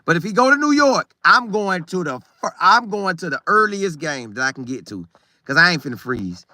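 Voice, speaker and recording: A middle-aged man hosts a casual live stream and reads viewer comments aloud. His voice sits a little high and has a bright, forceful edge. He talks loosely and repeats phrases for emphasis, and the sound is dry and close. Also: sing-song, normal speed, dry recording. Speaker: show host reading live chat. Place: Florida.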